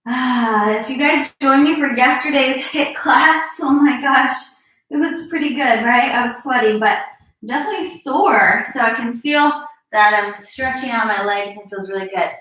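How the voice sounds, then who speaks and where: Her voice sits fairly high, with a moderate pace and a fairly bright tone. This young fitness instructor cheers her viewers on through a live-streamed yoga session, calling out moves as she does them and breathing a little hard. The mic is far off in a room that echoes.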